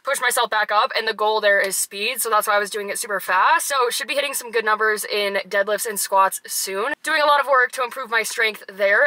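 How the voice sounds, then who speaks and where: A woman's voice: a little high, sharp tone, poor audio. A young woman vlogging casually to camera after a workout, upbeat and chatty, saying "super" and "like" a lot. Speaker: fitness vlogger. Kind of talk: casual vlog talk to camera. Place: outside a gym and at home.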